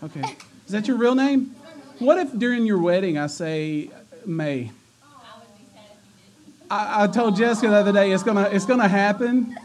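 A man's voice: high-pitched, fairly quick. A man hosting a church youth night, joking, teasing the crowd and running announcements. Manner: joking, energetic, stumbles and teases the audience. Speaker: youth pastor. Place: church youth room with a live audience.

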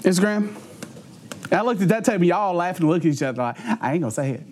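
A man's voice: sits high, racing, background noise. A middle-aged man, a youth pastor telling humorous stories to teenagers, laughing often and acting out what people said. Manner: laughs often mid-sentence, animated, acts out quotes. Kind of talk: humorous storytelling talk to teenagers.

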